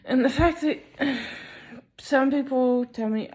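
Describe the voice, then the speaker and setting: Slow, hesitant young woman vlogging. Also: sits high, a little mellow. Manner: slow, hesitant, many ums. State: sleepy, not fully awake. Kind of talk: casual personal vlog talk.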